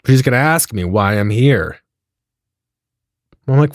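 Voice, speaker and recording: A man telling a comedic story in a profane, animated way, acting out the dialogue as he goes. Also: mid-range voice, a little slow, pauses often, no room sound, clean studio sound.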